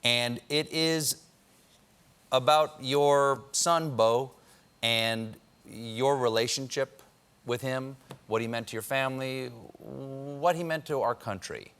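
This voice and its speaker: Bright-voiced talk show host. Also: male voice, medium pitch, takes it slowly, clean tone. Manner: playful, showman-like.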